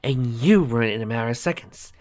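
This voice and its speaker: A man's voice: medium pitch, brisk, a little mellow, natural voice. A man voicing a proud young princess in a fan-made story reading, with a prim, superior tone. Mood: annoyed.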